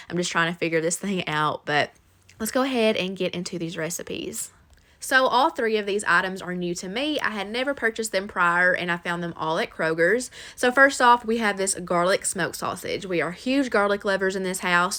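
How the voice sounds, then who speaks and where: A woman narrates her home cooking in a relaxed, chatty voice-over. Her voice sits a little low, and she talks with easy enthusiasm, dropping in likes and ums as she goes. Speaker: cooking vlogger.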